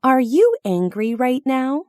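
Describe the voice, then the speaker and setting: Woman reading practice phrases, very slow, bright up-and-down lilt, close dry sound. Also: high-pitched, sing-song, dry recording. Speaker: phrase reader.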